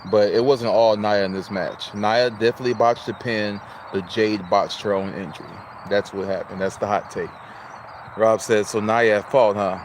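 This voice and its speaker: In a lowish voice with background noise behind him, a livestream host from Illinois in the United States chats casually. He greets his viewers and reads their chat messages aloud.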